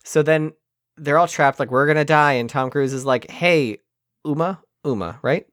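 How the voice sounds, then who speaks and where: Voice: medium pitch, measured pace, a bit bright, no echo, clean studio sound. A podcast co-host recapping a movie in casual chat, sarcastic and profane, acting out the scenes.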